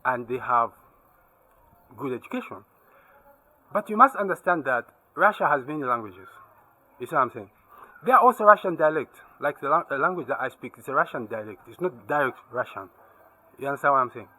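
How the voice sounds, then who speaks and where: A man's voice: mid-range voice, lively intonation, brisk, pauses often, pushed and bright, slightly rough, no room sound, low-quality recording. A man talking casually to camera as a vlogger, emphatic and lecturing, checking again and again that the viewer follows. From Zambia. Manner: keeps asking "you see what I mean?". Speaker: travel and tech vlogger.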